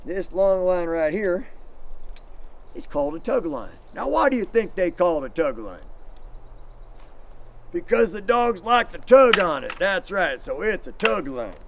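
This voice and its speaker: Middle-aged male sled-dog instructor, lively storyteller, lightly raised pitch; acts out the commands. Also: measured pace, long pauses, slight background noise. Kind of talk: outdoor demonstration for kids.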